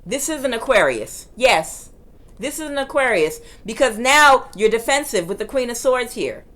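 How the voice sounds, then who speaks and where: A woman reading tarot cards in a forceful, emphatic way that can sound like yelling, repeating her phrases for emphasis. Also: a little high, expressive, moderate pace. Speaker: tarot reader.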